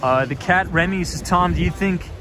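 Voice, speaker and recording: A man's voice: sits high, moderate pace. A man hosting a casual live stream while walking outdoors on busy city streets, chatting and answering viewer comments into a handheld phone. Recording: city street noise behind. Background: city street traffic noise.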